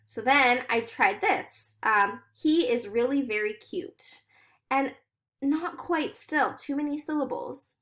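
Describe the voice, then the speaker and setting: A woman teacher giving a recorded lesson to fourth graders, explaining each step clearly and encouragingly. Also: high-pitched, a bit bright.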